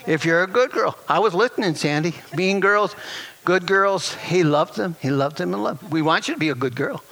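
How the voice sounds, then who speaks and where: A man preaching a sermon as pastor, animated and emphatic, with rhetorical questions and chuckles. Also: high-pitched, normal speed, gravelly.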